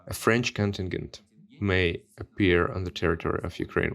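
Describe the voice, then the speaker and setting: A man's voice: low voice, moderate pace, gravelly. A man, a member of parliament, giving an earnest video statement and repeating his key points for emphasis. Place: recorded separately from the studio.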